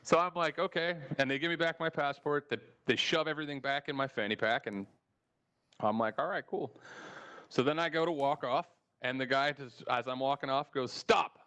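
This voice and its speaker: A man spins a rambling anecdote on his podcast, swearing freely and laughing along. His voice sits at an ordinary middle pitch. He talks in a loose, casual way. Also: brisk, smooth. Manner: animated, profane anecdote with laughter. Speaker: podcast host. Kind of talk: casual storytelling.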